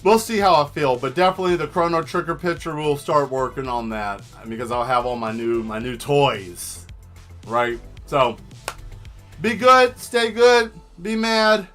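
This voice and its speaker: Bright-voiced man rambling jokingly on a livestream. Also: medium pitch, normal speed, soft background music. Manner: rambling, joking, answers the chat. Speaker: livestream host and painter. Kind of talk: casual livestream chat with viewers.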